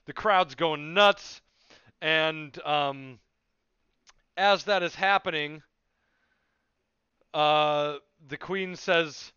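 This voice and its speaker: A male game master narrates a tabletop scene at an unhurried pace, with plenty of fillers. His voice is bright and crisp, and the recording is dry and slightly dull. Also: on the high side, dry recording.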